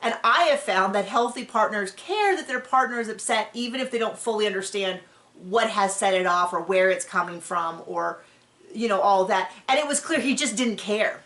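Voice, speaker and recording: A woman's voice: medium pitch, normal speed, a bit bright. A woman hosting a podcast, recapping a reality show in casual, opinionated chat with frequent restarts. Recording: roomy echo.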